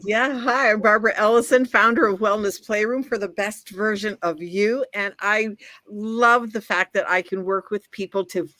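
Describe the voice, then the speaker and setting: Bright, upbeat woman host. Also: mid-range voice, normal speed, no room sound. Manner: upbeat and enthusiastic. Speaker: host, wellness coach. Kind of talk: casual chat.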